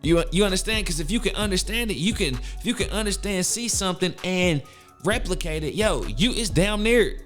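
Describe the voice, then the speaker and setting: A man's voice: sits high, lively intonation, a little fast, a bit bright, faint music behind. A man hosting a podcast, giving a hyped-up, preachy motivational talk full of cussing. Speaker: podcast host.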